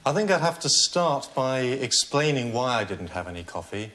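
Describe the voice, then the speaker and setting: London guy answering calmly, mid pitch. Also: normal speed. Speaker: contestant.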